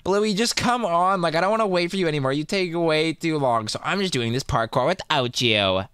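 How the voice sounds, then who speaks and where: A young adult narrating a game role-play with excited gasps and dramatic reactions. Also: mid-range voice, a little fast, clear, resonant tone, no room sound, clean studio sound. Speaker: gaming video creator. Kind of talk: gaming commentary role-play.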